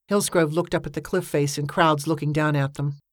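A woman narrating an audiobook in a steady, measured storytelling voice. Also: low voice, no room sound, studio quality.

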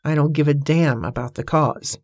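A woman's voice: sits low, moderate pace, darkish tone, no echo, clean studio sound. A woman reading a determined young woman. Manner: firm, earnest.

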